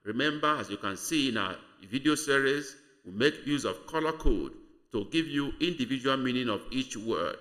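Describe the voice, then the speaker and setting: A man with a Nigerian accent teaching a spoken language lesson, repeating each word slowly and deliberately for learners. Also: medium pitch, expressive, fairly bright tone. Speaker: language tutor.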